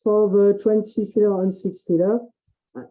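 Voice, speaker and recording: A man with a French accent giving an expert presentation in English, halting with many fillers and restarts. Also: sits high, little pitch movement, mellow, rough recording. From France. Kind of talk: online presentation and Q&A.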